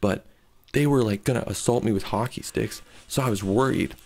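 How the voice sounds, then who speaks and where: A man in his twenties telling a story in a casual, excitable way, acting out the dialogue as he goes. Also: on the low side, brisk. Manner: excitable, quoting with "I'm like".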